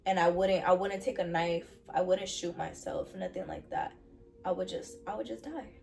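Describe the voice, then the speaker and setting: A woman's voice: fairly low pitch, normal speed, vocal fry, a little mellow, recorded from a distance, soft background music. Earnest young woman giving a testimony. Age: young adult. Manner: earnest, repeats phrases for emphasis. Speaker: vlogger sharing her faith testimony. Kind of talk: candid personal testimony.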